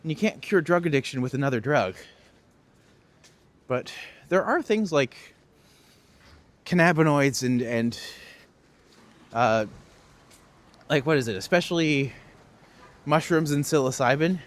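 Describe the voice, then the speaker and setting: A man's voice: a little high, lively intonation, measured pace, long pauses. A young man streaming a walking tour outdoors in the cold, chatting casually and answering viewers' questions with jokes. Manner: casual, joking, reads out and answers chat questions. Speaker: tour guide. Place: outdoors on cold city streets.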